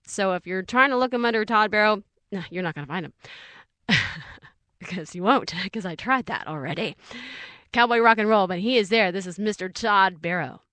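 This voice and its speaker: A woman's voice: mid-range voice, moderate pace, bright, forceful tone, no room sound. A chatty woman from Texas with a Texan accent hosts an indie radio show, rambling off on tangents as she introduces songs. Her voice sits in a middle range and is recorded close and dry, with no room sound around it. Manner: rambling and chatty, loses her train of thought. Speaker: radio host. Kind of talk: casual radio chat between songs.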